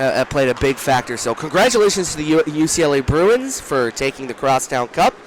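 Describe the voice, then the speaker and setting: A young man calling a hockey game from a rink booth, talking fast, shouting during rushes and often correcting himself. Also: mid-range voice, a little hiss or hum. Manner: rapid, rising to shouts during rushes, with frequent self-corrections. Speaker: play-by-play commentator. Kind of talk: live hockey play-by-play commentary. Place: broadcast booth at an ice rink.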